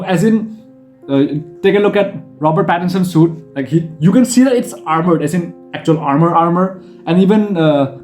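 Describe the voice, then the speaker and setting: A man hosts a casual gaming tier list, his voice pitched high yet mellow and warm. He talks excitably and rambles, repeating words and restarting his sentences, while a faint guitar plays underneath. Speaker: gaming video host.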